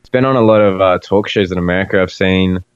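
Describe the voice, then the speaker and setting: A man's voice: low voice, quick pace, muffled recording. A man with an Australian accent, chatting easily as a podcast guest, with frequent ums. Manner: easygoing, hesitant with many ums. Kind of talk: casual interview chat.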